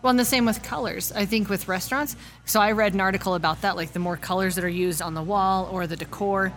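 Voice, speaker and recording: A woman co-hosting a casual chat, blunt and animated and quick to laugh. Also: mid-range voice, a little hiss or hum. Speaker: podcast co-host.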